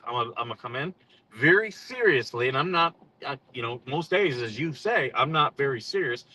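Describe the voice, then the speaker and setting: A man's voice: mid-range voice, bright, forceful tone. A man who once served as a Marine officer hosts a casual storytelling livestream, talking bluntly and with plenty of swearing, and laughing easily. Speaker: podcast host and former Marine officer.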